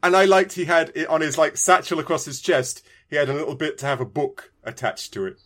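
A man's voice: a little high, fairly quick. Chatty British man, laughing often. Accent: British English. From Britain. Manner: animated, laughing often, repeats words. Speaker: podcast co-host. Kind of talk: casual chat.

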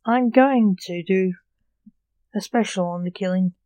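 A woman's voice: mid-range voice, measured pace, warm tone, no room sound, close to an everyday voice. A woman reading the lines of a nervous, squeamish male TV host in a story. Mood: flustered. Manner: flustered and confused.

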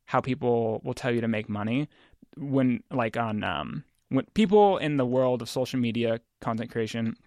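A man's voice: mid-range voice, normal speed, a little mellow, no echo, clean studio sound. A man speaking as a podcast guest in casual chat, reflective and rambling, with lots of filler words.

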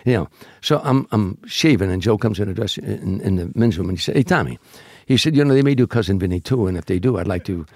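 A man's voice: lowish voice, expressive, fast, hardly any pauses, a little mellow, dry recording, studio quality. An older male comedian telling a show-business anecdote and acting out both sides of the dialogue. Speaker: comedian guest. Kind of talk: storytelling anecdote.

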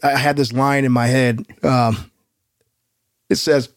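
A man co-hosting a podcast in casual chat, animated and joking. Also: mid-range voice. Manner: animated and joking, quick to laugh. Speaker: podcast co-host.

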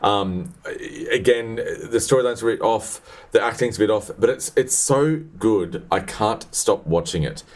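A man's voice: lowish voice, a little slow. A man co-hosting a podcast in casual chat, gushing and theatrical, with many hesitant fillers. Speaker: podcast co-host.

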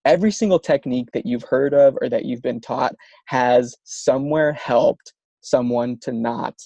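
A man's voice: medium pitch, moderate pace, gravelly, mellow, no echo. A man in an interview, explaining speech therapy techniques while stuttering with frequent sound repetitions and restarts. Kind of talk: conversational explanation.

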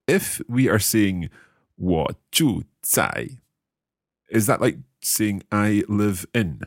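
A man co-hosting a language-lesson podcast, asking curious questions and slowly repeating phrases with a chuckle. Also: on the low side, animated, dry recording, studio quality. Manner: curious, chuckling, slow careful repetition. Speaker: podcast co-host learning Mandarin. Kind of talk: casual language-lesson chat.

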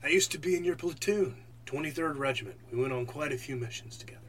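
A man's voice: on the high side, fast, a bit bright, slight background noise, close to an everyday voice, rough recording. A man voicing a former platoon comrade in his late thirties in a tabletop game. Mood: wistful.

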